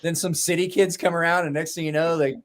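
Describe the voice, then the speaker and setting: High-voiced profane storytelling man. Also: quick pace, a little hiss or hum. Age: 40s. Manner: profane, animated anecdote telling. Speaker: podcast host. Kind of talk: casual storytelling.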